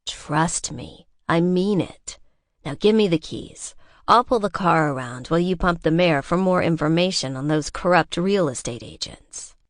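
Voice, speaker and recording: A woman narrator voicing an earnest young man who presses and persuades, with slightly raised pitch. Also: expressive, moderate pace, no echo, clean studio sound, natural voice. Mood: urging.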